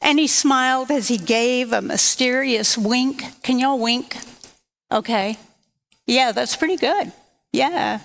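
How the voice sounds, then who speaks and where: Slow, high-voiced woman reading to children. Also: vocal fry. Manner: playful, chatty with children. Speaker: church storyteller for children. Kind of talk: reading a children's story aloud.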